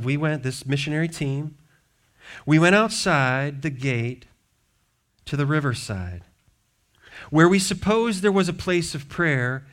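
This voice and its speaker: A man with an American accent, a pastor preaching a sermon and telling the stories in lively, acted-out voices. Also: medium pitch. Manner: animated storyteller, acts out voices.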